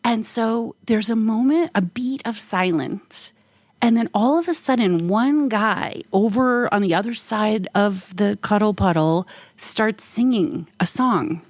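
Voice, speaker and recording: A woman in mid pitch tells a rambling, funny anecdote on a podcast, dropping "like" every few words. She mimics other people's lines with sudden high leaps in her voice. The recording is dry and close, with no room sound. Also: a little slow, no room sound. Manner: animated, acts out quoted voices with big pitch jumps; frequent "like" fillers. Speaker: podcast co-host. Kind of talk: casual storytelling.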